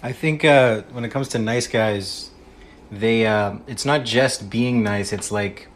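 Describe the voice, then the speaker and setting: A man calling in, halting and restarting as he gives his opinion. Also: fairly low pitch, noisy background. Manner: halting, many fillers and restarts. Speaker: caller. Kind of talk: casual opinion talk.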